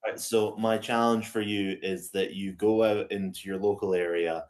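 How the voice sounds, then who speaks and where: A Scottish man with a very low, deep voice chats as a guest on an interview show. He talks in a relaxed way and pokes fun at himself with dry jokes. His voice sits right at the bottom of the male range. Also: normal speed. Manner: dry, self-mocking humour. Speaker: band member guest. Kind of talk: casual interview chat.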